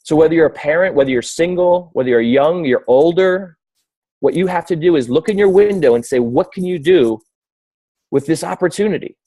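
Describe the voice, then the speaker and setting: A man's voice: a little high, lively intonation, fairly quick, warm tone, no echo. Man, team leader, video call, motivational talk, earnest, rambling, dry close sound. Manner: earnest, rambling, fillers and restarts.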